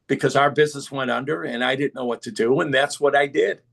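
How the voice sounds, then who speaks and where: Gravelly, husky middle-aged man telling stories. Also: mid-range voice, quick pace. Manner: animated, acts out quoted voices. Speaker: guest. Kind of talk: casual storytelling.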